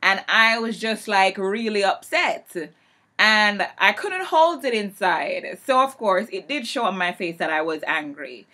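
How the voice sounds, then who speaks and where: A woman vlogging a heated rant about her teaching job, her voice bright and ringing. She tells the story emphatically, climbing louder and higher whenever the anger comes back. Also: expressive, unhurried. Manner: emphatic storytelling, swings loud and high when heated. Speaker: English teacher. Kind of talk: vlog rant.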